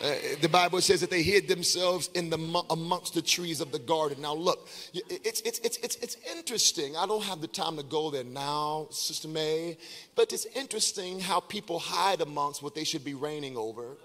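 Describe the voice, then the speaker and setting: A man preaching a sermon as pastor, swinging between quiet talk and chanted, shouted call-and-response. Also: on the high side, moderate pace, long reverb tail.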